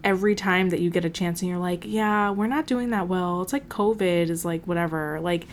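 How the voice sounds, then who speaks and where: A woman's voice: fairly low pitch, a little fast. A woman co-hosting a podcast, telling a story in casual chat, swearing often and acting out what people said. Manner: animated storytelling, swears often, acts out quotes. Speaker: podcast co-host.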